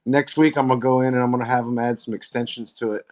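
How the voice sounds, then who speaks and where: A man's voice: medium pitch, steady tone, fast, darkish tone, dry recording. A man hosting a livestream, telling crude stories in casual chat and laughing as he goes. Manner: laughing storyteller, crude jokes. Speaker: livestream host.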